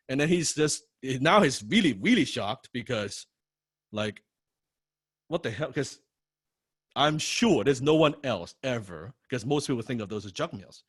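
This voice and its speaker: A man teaching a copywriting course, telling a personal story in an animated, profane way, often repeating words and tagging lines with "right?". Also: mid-range voice, moderate pace, breathy edge, dry recording, studio quality. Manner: frequent rhetorical "right?". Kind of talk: personal story told in a lecture.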